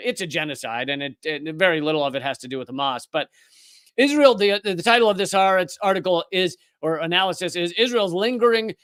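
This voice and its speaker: A man with a fairly high, smooth, resonant voice hosts a live commentary show. He talks in a sarcastic, rapid-fire way and restarts his sentences often. The sound is dry and close, with no room echo. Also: fairly bright tone. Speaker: political commentary host. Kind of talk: live news commentary monologue.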